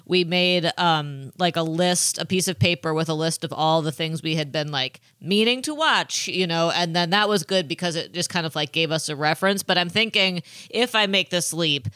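Smooth, bright-voiced chatty woman. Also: lowish voice, normal speed, hardly any pauses, no echo, clean studio sound. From Ireland. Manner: chatty, lots of "like", wry. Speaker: podcast co-host. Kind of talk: casual chat.

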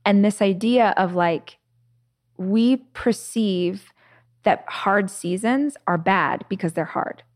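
A woman hosts a podcast, speaking slowly in a mid-range voice. Her casual storytelling is chatty, with many "like"s, fillers, and restarts.

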